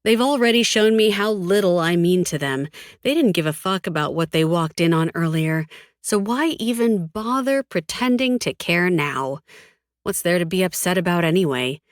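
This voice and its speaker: A woman narrating a first-person audiobook in a cold, flat, defiant tone, with frequent swearing. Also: on the low side, normal speed, dry recording, clean studio sound.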